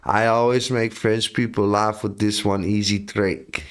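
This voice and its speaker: A man's voice: lowish voice, little pitch movement, measured pace. A European man streaming live, chatting casually and joking with his viewers in a laid-back, drawling way.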